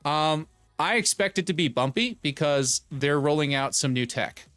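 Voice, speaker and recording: A man in his thirties chats on a live stream in a smooth, resonant voice at a mid pitch. He rambles and jokes as he riffs on viewers' messages, recorded dry and close to the mic with faint music behind him. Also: animated, normal speed, a bit bright, dry recording. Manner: rambling, joking, reads chat aloud and riffs on it. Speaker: streamer host. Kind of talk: casual live-stream chat.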